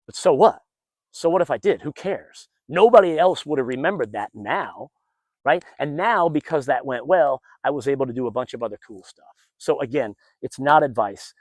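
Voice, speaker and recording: A middle-aged man outdoors, telling a personal story in a casual, animated way and acting out what others said. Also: mid-range voice, normal speed, dry recording. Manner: animated, acts out what others said, many restarts. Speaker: vlogger and former event announcer.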